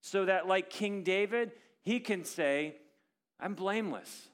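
Pastor, male, fairly high-pitched voice, earnest sermon delivery that swings between punchy emphasis and soft, quiet passages. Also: a little slow, smooth.

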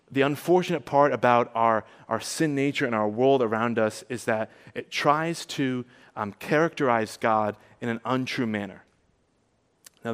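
A man preaching a sermon, earnest and conversational, rising to emphatic peaks and dropping soft. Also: mid-range voice, big-room sound. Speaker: pastor.

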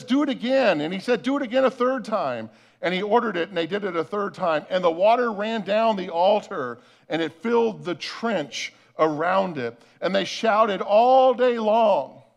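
A male pastor preaching a sermon, retelling a scripture story with lively, acted-out voices and asides to the congregation. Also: high voice. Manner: animated storytelling preacher, acts out voices, addresses the congregation as folks.

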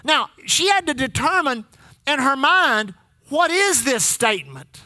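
High, bright-voiced preacher in a sermon. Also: male voice, very animated, unhurried, no room sound. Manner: call-and-response preaching, repeating lines for the congregation; swings between loud emphasis and low asides. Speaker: pastor.

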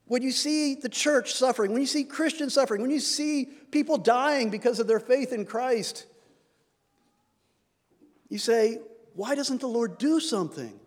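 A man's voice: extremely high pitch, unhurried, big-room sound. A man preaching a sermon, earnest, lifting his voice when he reads scripture aloud.

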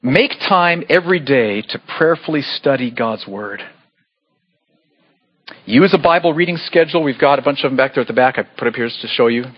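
Man, pastor, sermon, earnest, pleading, husky voice, muffled church recording. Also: mid-range voice, brisk. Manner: earnest, pleading, animated bursts. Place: church sanctuary.

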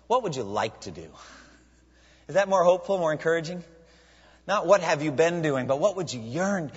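A man preaching a sermon as a pastor, animated, with many rhetorical questions. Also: a little high, normal speed, slightly rough. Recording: dull lo-fi sound with long hall reverb.

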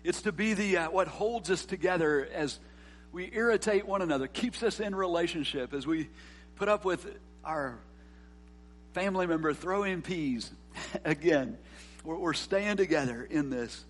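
A man preaching a sermon, earnest, rising to emphatic peaks and dropping soft on key words. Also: a little high, normal speed. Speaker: pastor.

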